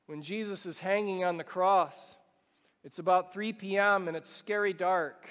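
A male pastor preaching a sermon, asking rhetorical questions and slowing down and rising in pitch when he reads scripture. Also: fairly even intonation, fairly bright tone. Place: church sanctuary. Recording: church hall with long reverb.

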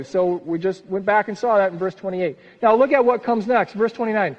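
A man preaching a sermon as pastor, earnest and lively, often dropping soft at the ends of phrases. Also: high voice, a little fast, few pauses. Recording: reverberant hall, dull sound.

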